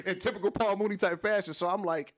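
A man's voice: quick pace, no room sound. A man from Detroit telling casual stories on a podcast, acting out quotes with big jumps in his voice and plenty of swearing. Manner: animated, profane, acts out quotes with big pitch jumps. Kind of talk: casual storytelling.

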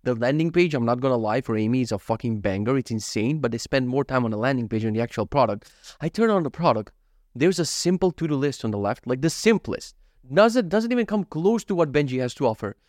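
A man's voice: medium pitch, quick pace, dry recording, clean studio sound. A man in his thirties telling stories from his day in a casual vlog, acting out his own thoughts and swearing freely. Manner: animated storytelling, frequent swearing, acts out his own thoughts. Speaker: vlogger. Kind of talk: casual daily vlog monologue.

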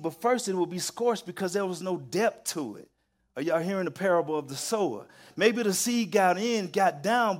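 A man preaching a sermon, telling stories with emphatic repetition and building to loud, excited peaks. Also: sits high.

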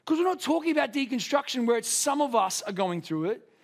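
A young man preaching a sermon. He tells a story with self-deprecating humor, in an animated way. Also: very high-pitched, a little fast, creaky.

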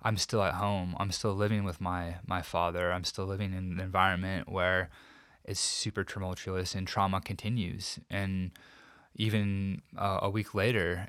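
A man as an interview guest, recounting a painful personal story in a reflective, halting way with many restarts. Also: low voice, fairly bright tone, clean tone, no room sound, clean studio sound.

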